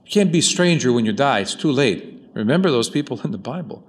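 Animated male priest in a reverberant church. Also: mid-range voice, brisk, breathy edge. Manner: animated, swings from soft to loud. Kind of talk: sermon.

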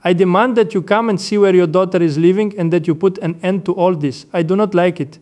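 A man's voice: high-pitched, steady tone, fairly quick, darkish tone, close to an everyday voice. A man voicing a stern saint who appears at night and speaks in a commanding way.

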